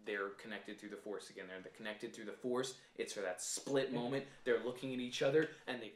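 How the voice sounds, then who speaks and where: A man co-hosting a casual fan podcast, laying out his points step by step in an animated, argumentative way. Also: lowish voice, fairly quick, roomy sound. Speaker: podcast co-host.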